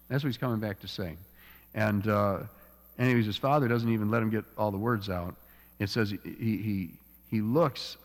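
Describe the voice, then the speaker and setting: A man preaching a sermon in a conversational way, often repeating words and checking in with "all right?". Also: medium pitch. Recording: long reverb of a church hall.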